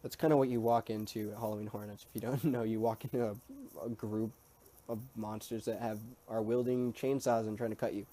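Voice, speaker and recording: A man chatting casually to his camera with a mellow, warm tone, rambling as he goes. His speech is easygoing but hesitant, with frequent ums and false starts. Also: on the low side, steady tone, brisk. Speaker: vlogger.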